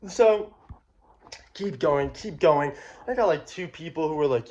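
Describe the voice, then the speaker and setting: A man's voice: mid-range voice, normal speed. A young man telling a personal story in a casual, slangy, profane way. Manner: slangy, profane, animated retelling. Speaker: vlogger.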